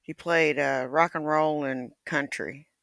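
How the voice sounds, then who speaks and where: A man with a high, bright, smooth voice talks bluntly in casual chat. The sound is dry and close, with no room around it. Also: steady tone, slow pace, no room sound.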